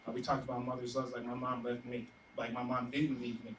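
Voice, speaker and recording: Young guy, choked up, halting tribute, echoey hall, noisy room, far mic. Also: mid-range voice, monotone, fairly bright tone. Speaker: speaker's son. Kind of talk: unprepared personal speech.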